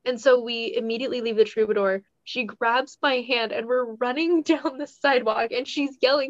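A woman co-hosting a podcast, telling a story in a rambling, animated casual way and laughing as she goes. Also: on the high side, moderate pace, hardly any pauses, no room sound, lo-fi sound. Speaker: podcast co-host.

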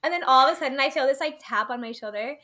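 A woman's voice: high-pitched, racing, sharp tone. A young woman co-hosting a podcast, telling stories in casual chat, giggly and full of "like"s. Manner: giggly storytelling, many "like"s. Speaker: podcast co-host.

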